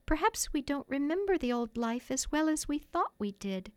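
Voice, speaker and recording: A woman's voice: sits high, sing-song, moderate pace, dry recording, pitched above the performer's own voice. Woman doing an earnest, motherly young girl.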